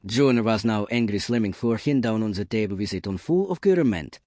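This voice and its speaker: Man calmly narrating a story. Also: lowish voice, brisk, hardly any pauses, dry recording, clean studio sound. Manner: calm, even storytelling. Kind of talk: first-person story narration.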